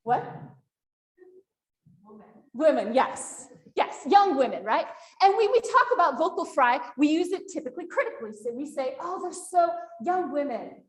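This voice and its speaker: A woman's voice: high-pitched, normal speed. A woman lecturing at a university panel, asking the audience questions as she goes. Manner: animated, asks the audience questions.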